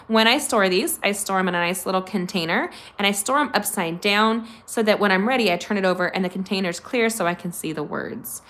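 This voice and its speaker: A woman's voice: mid-range voice, a little fast, few pauses, fairly bright tone. A middle-aged woman hosting a chatty live card-making tutorial from her home, gushing over supplies and talking straight to her viewers. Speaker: craft channel host. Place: home craft room.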